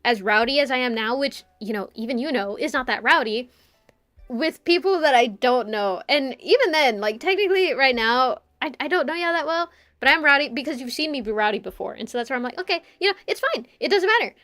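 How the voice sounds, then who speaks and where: Casting note: young female streamer, higher-pitched voice, giggly rambling chat, close dry mic. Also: lively intonation, brisk, a bit bright, dry recording. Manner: giggly, rambling, drops to a mutter while working.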